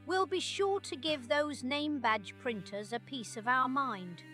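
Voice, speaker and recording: A woman's voice: high voice, unhurried, a bit bright, faint music behind. A woman voicing a fussy, chirpy game clerk who talks in a sing-song, falsely sympathetic way. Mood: sugary.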